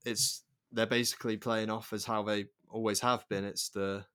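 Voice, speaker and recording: Man, podcast co-host, low and flat delivery, measured and hesitant. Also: clear, resonant tone. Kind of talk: casual chat.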